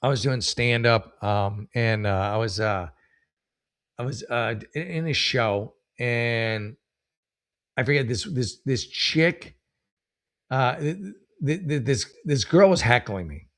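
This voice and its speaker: Man, comedy host, casual commentary, rambling, self-mocking, halting restarts, drawn-out punchlines. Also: mid-range voice, a bit bright.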